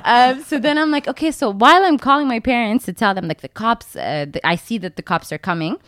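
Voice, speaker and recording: A young woman casually telling a long personal story, acting out her own remarks in a much higher voice. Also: fast, no echo, clean studio sound. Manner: animated, acts out her own lines in a high voice.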